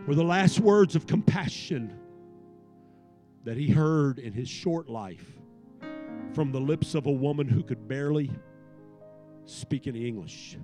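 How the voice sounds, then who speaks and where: A man preaching a sermon in church, swinging from hushed tones to shouting. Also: mid-range voice, a little slow, long pauses. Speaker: pastor. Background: soft piano keys.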